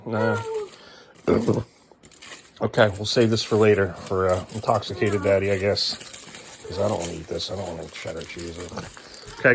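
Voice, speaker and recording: A man's voice: on the low side, a bit bright, a little hiss or hum. A man, a father, talking casually to his kids at home, coaxing and praising them as he goes.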